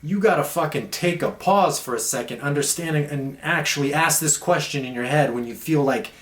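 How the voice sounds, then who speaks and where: A man's voice: fairly high pitch, brisk. A young man talking blunt, profane and emphatic in a casual monologue as a podcast host. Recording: echoey room.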